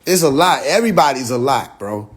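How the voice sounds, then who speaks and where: A man's voice: medium pitch, expressive, fairly quick. A man, talking loose and emphatic in a livestream monologue, full of profane slang, racing ahead in bursts and then drawing words out. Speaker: livestream host.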